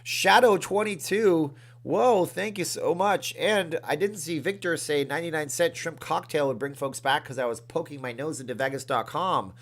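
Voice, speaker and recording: A man hosting a casual livestream from his room, chatty and reading out viewer comments and thanking them with excitement. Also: fairly high pitch, moderate pace, few pauses. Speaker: livestream host.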